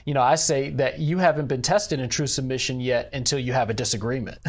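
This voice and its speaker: A man who directs a church ministry, speaking earnestly in an interview about faith, measured and leaning on "you know.". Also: mid-range voice.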